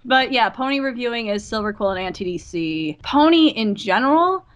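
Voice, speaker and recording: A woman chatting casually as a podcast guest, animated and gushing, with lots of "like". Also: a little high, moderate pace, muffled recording.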